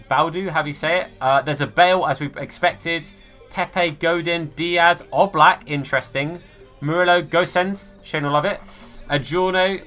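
Bright-voiced man chatting on a stream. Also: a little high. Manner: chatty, greets viewers by name, hypes the chat. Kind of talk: live gaming stream chat.

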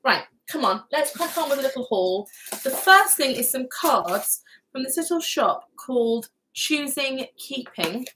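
A woman's voice: sits high, sing-song, unhurried, pushed and bright, a little hiss or hum, rough recording. Chatty, giggly woman vlogger. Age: adult parent. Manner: chatty and giggly, rambling asides. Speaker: vlogger hosting a live craft stream. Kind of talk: casual live chat, reading viewer comments.

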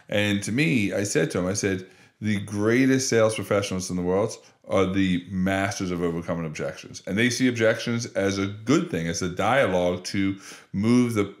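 Deep-voiced enthusiastic podcast host. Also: male voice, reverberant. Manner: enthusiastic, agreeing, with frequent restarts. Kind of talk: casual interview chat.

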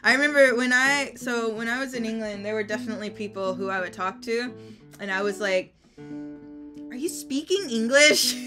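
A woman's voice: on the high side, fairly even intonation, a little fast, pushed and bright, faint music behind. A woman chatting casually on a livestream, talkative, swearing and laughing often. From United States. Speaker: streamer co-host.

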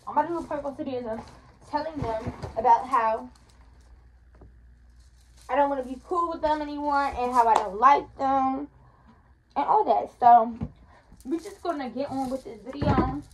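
A teenage girl vlogging to camera from her bedroom, talking fast and tired in a casual, chatty way. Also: high voice, background noise. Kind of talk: casual vlog talk to camera. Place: bedroom indoors.

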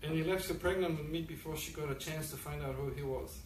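A man reading aloud the lines of a mysterious male stranger, calm and wry. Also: on the high side, quick pace, lightly acted. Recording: echoey room, distant mic, faint noise.

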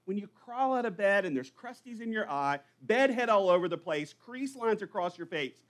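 High-voiced male pastor preaching. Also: animated, moderate pace. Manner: conversational preaching with rhetorical questions. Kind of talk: sermon. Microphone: live church recording.

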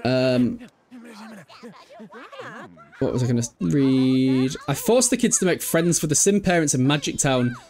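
A man's voice: medium pitch, unhurried, pauses often, a little mellow. A young man from England, chatting casually as he streams a game, swearing and laughing often. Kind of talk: casual live game commentary.

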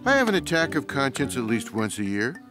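A man voicing a lazy, sarcastic male cartoon cat with a sly, deadpan drawl. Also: medium pitch, fairly quick, natural voice. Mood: smug. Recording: cartoon soundtrack with music.

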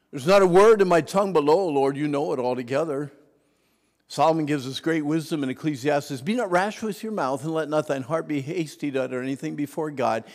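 A man with a slightly high, gravelly voice preaches to a mixed crowd of adults, teens and kids. He drops to whispers and then shouts, and has the audience say words back to him. His voice rings with the long echo of a church hall. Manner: dramatic swings from whispers to shouting; asks the audience to repeat words. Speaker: Sunday school speaker.

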